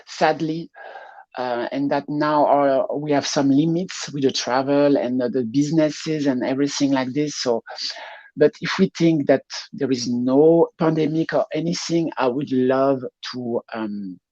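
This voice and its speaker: A woman with a French accent, a pageant showgirl talking as a guest in a casual interview, laughing often and pausing to find her words. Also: a bass voice, dark tone, highs cut off.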